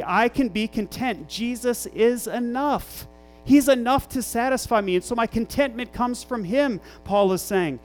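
A man with a high voice preaches to his congregation, asking questions and answering them himself as his voice climbs on key points. Soft music plays faintly underneath. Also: poor audio. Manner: preaching with rising emphasis and rhetorical questions. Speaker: pastor. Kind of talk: sermon.

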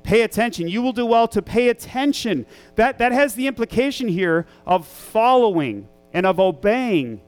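A man's voice: high voice, lively intonation, normal speed, clean tone. A man who is a parent, preaching a sermon as pastor in an earnest, emphatic way, repeating key phrases for weight. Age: young adult to middle-aged, a parent.

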